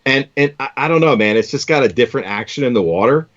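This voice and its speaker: A man's voice: mid-range voice, expressive, fast, fairly bright tone. Chatty guy tying fishing lures on a live stream, keeps saying man, kinda dull lo-fi audio. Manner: chatty, enthusiastic, says "man" often. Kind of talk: casual live-stream chat.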